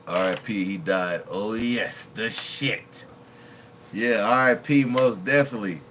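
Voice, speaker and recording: A man's voice: on the low side, a little slow, a bit bright, a little hiss or hum. A man hosting a reaction video in a chatty, casual way, laughing often and quoting movie lines.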